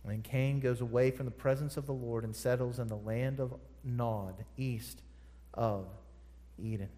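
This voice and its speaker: A man's voice: mid-range voice, fairly even intonation, unhurried, dark tone. A man preaching a sermon, emphatic and repeating phrases for stress. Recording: long hall reverb.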